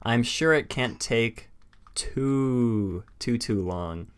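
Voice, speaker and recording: A man hosting a live stream, chatting casually in a rambling way full of fillers and quick laughs. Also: medium pitch, clear, resonant tone. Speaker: stream host.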